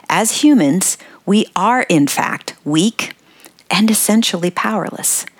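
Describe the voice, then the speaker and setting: An older woman hosting a devotional podcast, speaking earnestly and encouragingly, dropping to soft breathy tones on key words. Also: fairly low pitch, no room sound. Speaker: podcast host.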